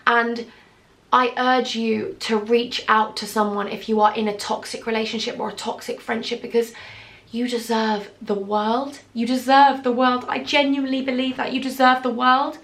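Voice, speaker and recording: A young woman in her twenties telling a personal story in a vlog, tearful, earnest and heartfelt as she speaks straight to her viewers. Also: fairly high pitch. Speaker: YouTuber.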